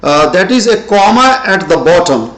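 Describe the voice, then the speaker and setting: An older man giving a pronunciation lesson, speaking slowly and deliberately with frequent pauses. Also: sits high, big pitch swings, fairly bright tone. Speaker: English teacher. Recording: echoey room.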